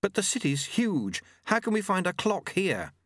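A man performs an anxious young apprentice monk in a full character voice, pitched above his natural one. It sits high and a bit bright, with big pitch swings at a moderate pace, on a dry studio-quality recording.

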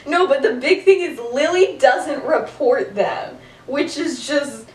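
A woman's voice: high voice, slow pace. A young woman casually retelling a story to a co-host, giggly and chatty with lots of "like". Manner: giggly, chatty, heavy use of "like". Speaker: podcast co-host. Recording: roomy, distant mic.

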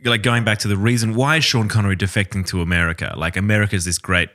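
A man co-hosting a film podcast in casual chat, playful and quick with jokes. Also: on the low side, steady tone, fairly bright tone. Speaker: podcast co-host.

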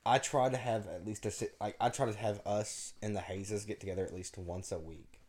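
Young male podcast co-host, lowish voice, animated, emotional and playful. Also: fairly quick. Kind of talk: casual chat.

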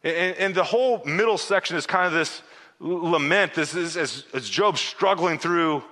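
A man preaching to his congregation, his bright and fairly high voice swooping up and down as he plays out scripture scenes with casual asides. He trips over his words and restarts often. His voice rings with the long reverb of a large hall. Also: normal speed. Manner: animated, acts out biblical dialogue with casual asides; frequent stammered restarts. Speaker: pastor. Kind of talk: sermon.

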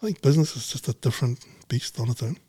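A man's voice: medium pitch, fast talker, mellow, breathy edge, no room sound. A man, a businessman guest in a casual podcast chat, talking bluntly, swearing freely and acting out little exchanges. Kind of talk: casual conversation.

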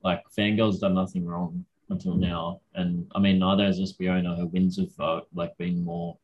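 A young Australian man, a university student, co-hosting a racing podcast in a relaxed, dryly joking way. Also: deep voice, normal speed, lo-fi sound. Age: young adult. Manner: relaxed, dry humour, hedging. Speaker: podcast co-host. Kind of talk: casual chat.

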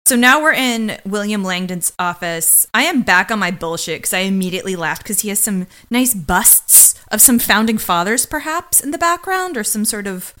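A young woman with a mid-pitched, bright, forceful voice trades jokes over an episode recap. She tells it playfully, with dramatic asides. The talk stays casual throughout. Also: expressive, normal speed, hardly any pauses. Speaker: podcast co-host.

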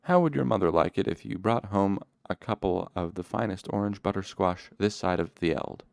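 A man voicing a kindly older male farmer who talks in gentle, folksy rural phrasing in an audiobook. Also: sits low, normal speed, gravelly, no room sound, studio quality. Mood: friendly.

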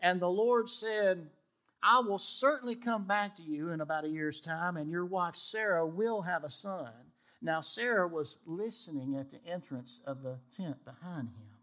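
A high-voiced man preaching a sermon. He tells stories with energy and acts out the voices of the people in them. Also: unhurried. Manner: animated storytelling, acts out the dialogue of the people he quotes. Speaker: pastor.

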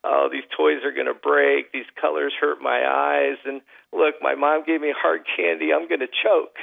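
A man's voice: fairly high pitch, flat delivery, moderate pace, gravelly, narrow, tinny audio, pitched above the performer's own voice. A man voicing a whiny, gloomy little boy who fretfully complains about everything. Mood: sulking.

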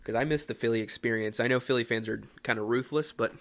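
A young man from the Philadelphia area hosting a casual solo podcast, rambling and self-mocking with excitable bursts. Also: mid-range voice, quick pace. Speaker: podcast host.

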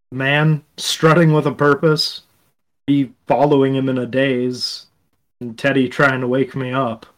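A man telling his character's story in the first person, reflective and unhurried, as a player in a tabletop game podcast. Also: mid-range voice, low-quality recording.

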